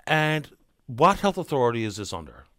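A man hosting a call-in radio show, asking calm, methodical questions. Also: mid-range voice, moderate pace, no room sound. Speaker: radio host.

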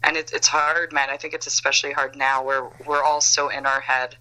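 A woman's voice: very deep voice, flat delivery, brisk, pushed and bright, low-quality recording. A woman guest on a podcast, chatting casually, laughing often and swearing freely. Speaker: podcast guest, make-up artist. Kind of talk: casual chat.

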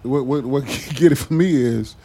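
A man's voice: medium pitch, normal speed, mellow, slightly rough. Man, mid voice, loose and teasing, lots of fillers. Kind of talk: casual podcast chat.

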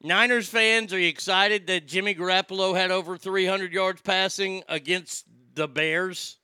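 A man's voice: high-pitched, steady tone, normal speed, bright, forceful tone, smooth, no echo, studio quality. A man ranting casually about weekend football scores, brash and sarcastic, swearing freely. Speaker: sports talk host. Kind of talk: casual sports rant.

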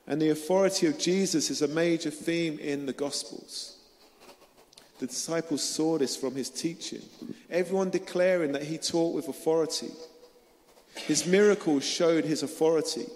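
A man's voice: fairly high pitch, darkish tone. Earnest preacher man in a reverberant hall. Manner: earnest, questioning the listeners directly. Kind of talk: sermon.

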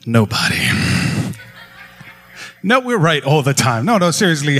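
High bright-voiced preacher in a hall. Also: male voice, a little slow. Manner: lively storytelling, prompts the crowd. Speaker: pastor. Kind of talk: sermon. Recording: long hall reverb with music behind.

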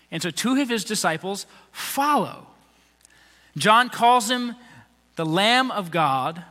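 A man delivers a sermon in a loose, conversational way, slipping into quick voices for the people he quotes. His voice is high and bright, and it rings with the long reverb of a big hall. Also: animated. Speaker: pastor.

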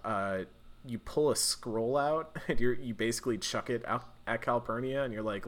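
A man's voice: mid-range voice, moderate pace, fairly bright tone. A man in casual chat recapping a video game, rambling with plenty of fillers and restarts.

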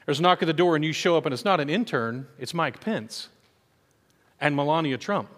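A man preaching a sermon as pastor, telling stories in an animated way and acting out the voices of people he quotes. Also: fairly high pitch, fairly quick, long reverb tail.

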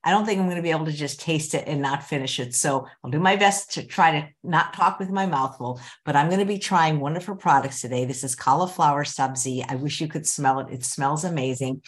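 A woman's voice: deep voice, fairly quick, hardly any pauses. A woman hosting a casual video-call interview show, talking with bubbly enthusiasm. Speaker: show host.

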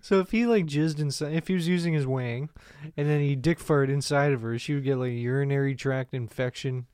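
A man's voice: mid-range voice, a little fast, darkish tone, clear, resonant tone, no echo, studio quality. A man co-hosting a crude comedy podcast, laughing through his lines and asking goofy follow-up questions. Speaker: podcast co-host.

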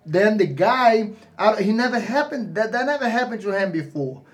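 A man who is a fighter, telling stories with animated energy in broken, non-native English grammar. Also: high-pitched, normal speed. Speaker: fighter, guest. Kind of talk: casual podcast chat.

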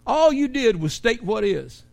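A pastor preaching a sermon in a church, animated, with rising and falling emphasis. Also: male voice, extremely high pitch, unhurried, vocal fry.

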